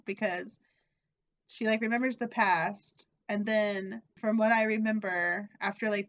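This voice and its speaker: A woman's voice: medium pitch, a bit bright. Sassy woman on a dull lo-fi mic. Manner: sassy, playful asides. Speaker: podcast co-host. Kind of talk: casual chat. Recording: dull lo-fi sound.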